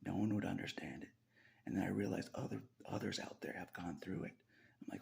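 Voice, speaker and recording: A man's voice: low-pitched, animated, a little fast, gravelly, a little mellow. A man hosting his own channel, talking in a rambling confessional monologue that he often half-whispers, swearing casually and laughing between lines. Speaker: YouTube channel host.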